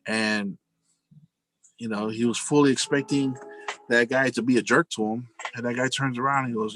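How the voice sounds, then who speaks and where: A man's voice: medium pitch, fairly even intonation, normal speed, a bit bright, soft background music, low-quality recording. Earnest rambling man talking to listeners. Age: adult, married with a family. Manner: earnest, rambling, addresses listeners as "guys", many "you know"s. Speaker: speaker telling personal stories. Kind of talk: casual spoken monologue.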